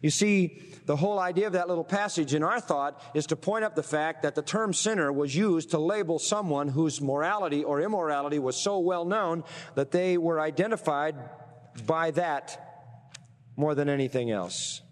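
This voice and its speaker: A man preaching a sermon, reading scripture aloud and pausing to quiz his listeners with rhetorical questions. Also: on the high side, big-room sound. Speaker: pastor.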